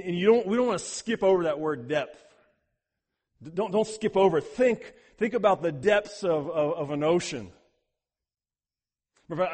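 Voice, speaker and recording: A man preaching a sermon as a pastor, building to loud emphatic peaks and then dropping low, often repeating words for emphasis. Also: long reverb tail.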